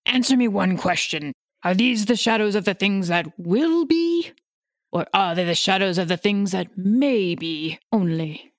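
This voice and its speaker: A woman's voice: mid-range voice, lively intonation, a little slow, dry recording, clean studio sound, natural voice. A woman reading aloud, voicing an old miser man who pleads with a ghost in a rising, desperate voice. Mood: solemn, questioning. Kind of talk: audiobook reading.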